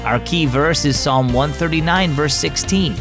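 A man hosting and reading a children's story in a gentle, reassuring way. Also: a little high, normal speed, over music. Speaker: host and storyteller. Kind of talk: scripted story narration for children.

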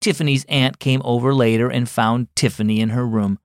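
A man's voice: mid-range voice, fairly even intonation, brisk, dry recording, clean studio sound. A man narrating a scripted children's devotional story and speaking directly to young listeners. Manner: warm teaching tone for children.

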